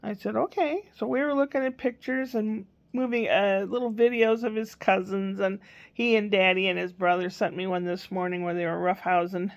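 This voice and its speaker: Chatty older woman with a gravelly voice. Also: medium pitch, fairly even intonation, normal speed, muffled recording. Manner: chatty, rambling, quotes a small child in a raised voice. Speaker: grandmother vlogger. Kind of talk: casual storytelling.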